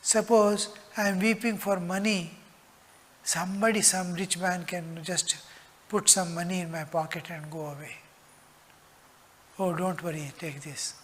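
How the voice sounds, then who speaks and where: Male monk teacher, high voice, unhurried spiritual talk that sinks to whispers, long hall reverb. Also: steady tone, a bit bright, slight background noise. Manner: slow, earnest, dropping to whispers. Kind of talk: spiritual discourse.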